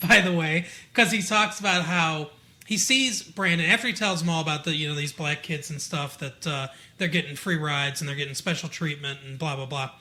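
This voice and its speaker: Bright-voiced chatty man from Michigan. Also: fairly high pitch, a little fast. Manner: chatty, digressive, many fillers. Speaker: podcast co-host. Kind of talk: casual chat recapping a TV episode.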